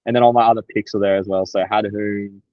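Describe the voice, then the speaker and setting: A young Australian man co-hosting a podcast, chatting casually and excitably, with plenty of swearing. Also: on the low side, fast talker, dry recording, narrow, tinny audio. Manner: excitable, sweary, loose storytelling. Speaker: podcast co-host. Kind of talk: casual chat.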